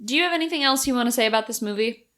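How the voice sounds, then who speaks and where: A woman's voice: a little high, expressive, very fast, fairly bright tone. A woman hosting a podcast in casual chat, playful and enthusiastic, teasing her co-host.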